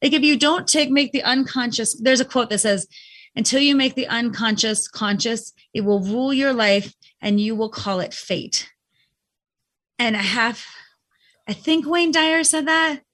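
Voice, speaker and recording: A woman's voice: fairly high pitch, unhurried, fairly bright tone. A woman in casual conversation, talking reflectively about mindset and acting out her own inner thoughts. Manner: reflective, uses acted inner voices.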